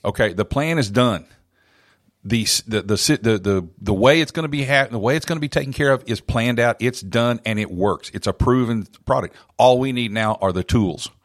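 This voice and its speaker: A man hosting a talk, speaking in halting phrases with restarts. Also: medium pitch, dry recording, clean studio sound. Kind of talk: casual chat.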